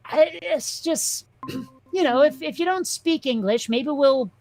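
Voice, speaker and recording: A woman host rambling through a comic story with profane asides. Her voice sits a little high and comes across dry and close. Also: unhurried, darkish tone, dry recording, faint music behind, rough recording. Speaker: show host. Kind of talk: casual chat.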